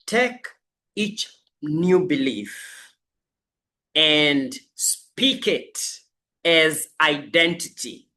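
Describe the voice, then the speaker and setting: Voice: medium pitch, expressive, very slow, pauses often, pushed and bright. A life coach giving a motivational coaching talk, emphatic and repeating affirmations over and over.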